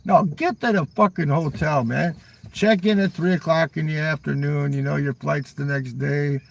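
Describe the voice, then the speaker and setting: A man's voice: a little high, fairly even intonation, normal speed, vocal fry. An older man rambling on a live stream, swearing constantly, ending his lines with "man" and talking back to chat viewers. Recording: voice a little far from the mic.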